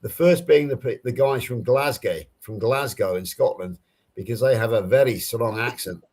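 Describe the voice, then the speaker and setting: An Englishman with a Southern English accent chats casually on a live-stream video call, explaining things through personal anecdotes. His voice is medium-pitched and darkish, at a moderate pace.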